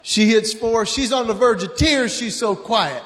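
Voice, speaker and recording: A middle-aged man doing animated stand-up comedy for a live audience, acting out stories about his children. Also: sits high, measured pace, big-room sound. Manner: animated storyteller acting out his kids and himself.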